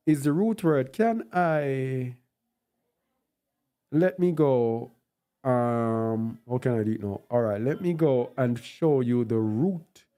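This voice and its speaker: A man's voice: mid-range voice, dark tone. A man giving an unscripted bible teaching. He thinks aloud while searching on screen and repeats words for stress.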